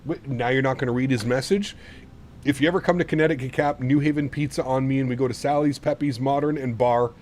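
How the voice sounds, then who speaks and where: A man's voice: mid-range voice, fairly even intonation, a little fast, a little mellow, a little hiss or hum. A man streaming a flight simulator, chatting casually with his viewers in a rambling, easygoing way and laughing often. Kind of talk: casual livestream chat.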